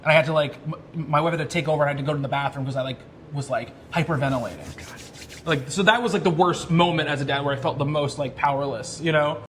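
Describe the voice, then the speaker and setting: A man's voice: fairly high pitch, fast talker, fairly bright tone, a little hiss or hum. A man talking as a podcast guest, candid and reflective in casual chat.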